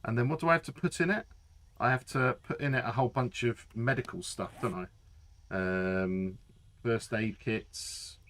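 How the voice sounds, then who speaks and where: Male streamer, bright and excitable, chatty live commentary, faint background noise. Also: mid-range voice, normal speed. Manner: excitable, laughing, thinking aloud.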